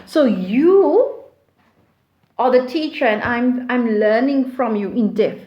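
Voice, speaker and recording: A woman teaching literature, explaining a play slowly and deliberately with frequent fillers and restarts, in a roomy recording. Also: a little high, sing-song, dark tone. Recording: roomy echo.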